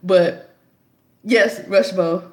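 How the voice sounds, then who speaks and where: A young adult woman vlogging a casual, chatty opinion monologue, telling her story in an animated way. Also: takes it slowly, reverberant. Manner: chatty, animated storytelling, jumps high to act out her own quotes.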